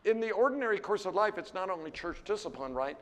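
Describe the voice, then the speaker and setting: A man's voice: fast, in a large hall. An older American man teaching a classroom Bible lecture, candid and conversational, often checking in with "right?" and "you know". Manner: lively, jumps higher when animated. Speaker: seminary teacher.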